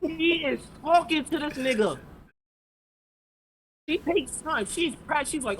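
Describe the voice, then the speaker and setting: A man's voice: extremely high pitch, expressive, slow pace, fairly bright tone, a little hiss or hum, low-quality recording. A man co-hosting a podcast, ranting heatedly and sarcastically about an anime episode, swearing constantly. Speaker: podcast co-host. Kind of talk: profane ranting anime recap.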